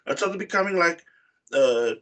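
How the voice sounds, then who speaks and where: Rambling football-chat man, slightly high. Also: expressive, normal speed, pushed and bright. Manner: rambling, many fillers and restarts. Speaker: football podcast co-host.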